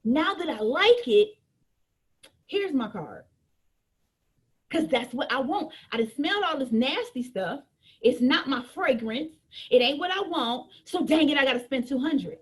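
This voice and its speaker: High-voiced, emphatic woman trainer. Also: lively intonation, normal speed, breathy edge. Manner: emphatic, repetitive, joking, preachy. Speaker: business trainer. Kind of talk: motivational training talk.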